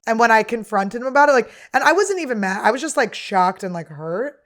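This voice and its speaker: A woman's voice: on the high side, lively intonation, a little fast. A woman in her thirties hosting a podcast, chatting casually in a blunt, profane, teasing way. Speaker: podcast host.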